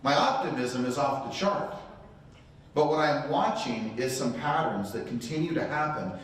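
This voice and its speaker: Animated man speaking in a very echoey room. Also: medium pitch, normal speed. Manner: animated storyteller acting out quotes. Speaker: real estate training speaker. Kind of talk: motivational talk to a live audience. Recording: very echoey room, voice far from mic.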